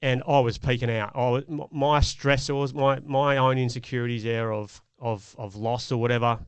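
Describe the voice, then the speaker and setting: A man's voice: mid-range voice, steady tone, moderate pace, clear, resonant tone, dry recording. A middle-aged man, a podcast co-host, telling a personal parenting story in an earnest, reflective way. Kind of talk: casual chat.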